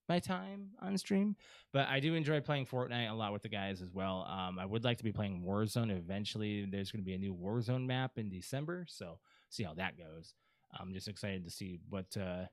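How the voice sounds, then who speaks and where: A man's voice: mid-range voice, clean tone, no echo. A man co-hosting a podcast, chatting casually through channel plugs and sign-off with lots of fillers. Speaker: podcast co-host.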